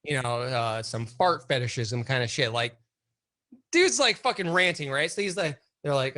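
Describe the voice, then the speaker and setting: Bright-voiced man telling a profane story. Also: medium pitch, moderate pace. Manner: animated, profane, lots of fillers. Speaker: guest. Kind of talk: casual storytelling.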